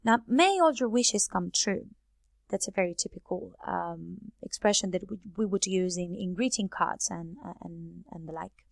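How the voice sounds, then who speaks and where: A woman's voice: fairly low pitch, moderate pace, vocal fry, no echo, clean studio sound. A woman teaching English grammar, explaining step by step and reading example sentences aloud from a board. Her first language is Spanish. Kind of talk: grammar lesson.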